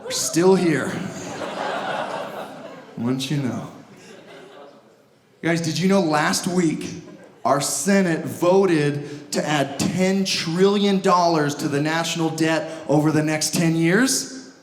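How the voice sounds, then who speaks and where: A man's voice: fairly high pitch, slow, pauses often. A male stand-up comedian from the United States, ranting sarcastically and in exasperation on a comedy club stage. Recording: echoey club with crowd laughter.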